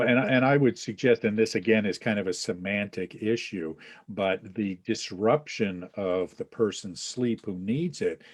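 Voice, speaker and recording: Teaching the Enneagram in a casual webinar, this male host acts out little scenes with quoted voices and fills his talk with asides and fillers. His voice sits on the low side, a little mellow and slightly rough, with no echo.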